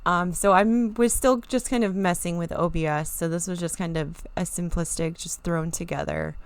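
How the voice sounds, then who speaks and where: A woman's voice: on the low side, steady tone, moderate pace, clear, resonant tone, no room sound. A woman streamer chatting casually and emotionally to viewers, rambling and near tears. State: teary, near crying. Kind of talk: casual live-stream chat.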